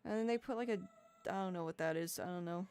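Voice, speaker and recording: A woman's voice: on the low side, fast, darkish tone, clean tone. A young adult woman livestreaming, chatting casually, rambling, swearing a lot and laughing often. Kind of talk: casual live-stream chat reacting to comments.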